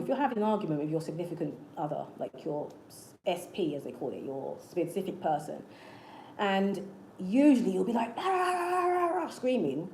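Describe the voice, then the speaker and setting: Speaking in a lowish, mellow voice, a manifestation channel host talks casually and earnestly to camera, repeatedly encouraging and coaching her viewers. The room is echoey with faint ambience and slight background noise.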